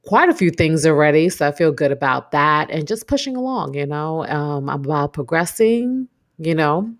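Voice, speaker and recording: Low gravelly Brooklyn woman podcasting. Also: lively intonation, moderate pace. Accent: New York. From New York (Brooklyn). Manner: reflective, chatty, casual slang. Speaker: podcast host. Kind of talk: casual solo podcast chat.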